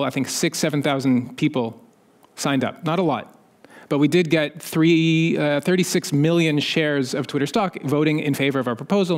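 A man speaking on a conference panel in a conversational way, with wry asides, lifting his voice when he quotes other people. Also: fairly high pitch. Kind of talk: conference talk. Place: conference stage.

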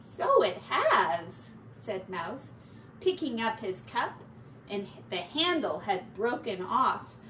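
A woman's voice: medium pitch, big pitch swings, slow pace, sharp tone, echoey room. A woman teacher reading a children's story aloud, telling it expressively. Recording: distant mic with faint background noise.

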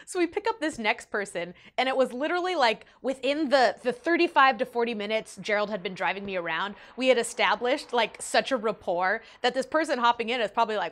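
A young woman vlogger telling a personal story in an animated, emotional way, with big swings in her voice. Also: fairly high pitch, brisk, hardly any pauses. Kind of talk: storytime vlog.

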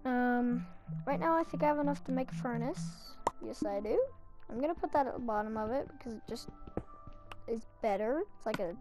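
A woman's voice: fairly high pitch, moderate pace, long pauses, soft background music. Chatty young woman gaming. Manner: chatty, rambling, self-mocking with laughs. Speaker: gaming channel host. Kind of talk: casual Minecraft commentary.

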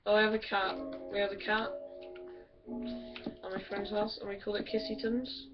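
A woman's voice: medium pitch, flat delivery, normal speed. A woman rambling crudely and giggling through game commentary. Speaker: gamer. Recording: distant dull mic with music.

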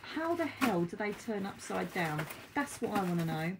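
A woman's voice: medium pitch, normal speed, background noise. Chatty, blunt woman reading cards. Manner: chatty, blunt and swearing, with lively asides. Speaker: psychic card reader. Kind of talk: casual oracle card reading. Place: at home by window blinds.

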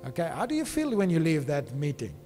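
High-voiced pastor preaching. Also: male voice, wildly swooping pitch, fast talker, mellow. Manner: emphatic preaching, often checking in with "okay?". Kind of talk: sermon. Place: church. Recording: reverberant church hall with faint music.

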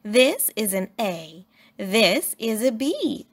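A woman voicing a patient, kindly female schoolteacher who speaks clearly, as if explaining a lesson. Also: a little high, big pitch swings, slow pace, full character voice. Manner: clear and instructive.

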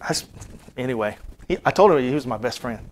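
A man in his fifties preaching a sermon, swinging between soft low asides and high, rising emphasis as he reads scripture and tells stories. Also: animated, fast talker. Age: 50s.

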